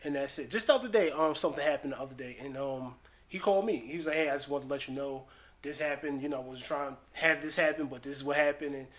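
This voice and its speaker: A man, a guest on a casual chat, talking in a relaxed way with hesitant fillers. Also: mid-range voice, quick pace.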